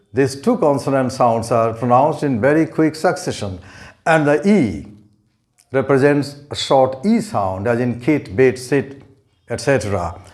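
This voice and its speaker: Male pronunciation teacher, unhurried delivery, lively up-and-down pitch, spells words letter by letter and repeats them with care. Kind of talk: recorded pronunciation lesson.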